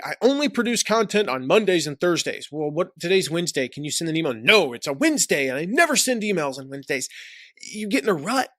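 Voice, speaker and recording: A man coaching on online business in an energetic, joking way, often mimicking people. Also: on the high side, dry recording, studio quality. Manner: energetic, jokey, mimics people with quick repetitions. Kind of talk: direct-to-camera tips video.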